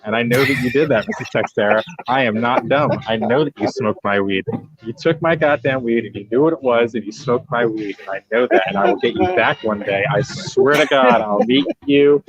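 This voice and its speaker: A young man from Massachusetts, a podcast guest, telling stories in a lively, joking, emphatic way and swearing freely. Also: mid-range voice, fairly quick. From New Bedford, Massachusetts. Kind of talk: casual storytelling chat. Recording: dull lo-fi podcast audio.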